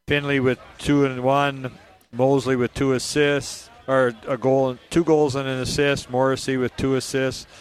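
A man giving relaxed, rambling post-game hockey analysis on radio, chuckling now and then. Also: mid-range voice, smooth.

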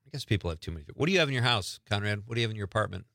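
Bright-voiced chatty male host. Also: lowish voice, lively intonation, very fast, creaky, no room sound, studio quality. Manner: chatty, joking, self-deprecating. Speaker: show host. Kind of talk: casual radio-style chat.

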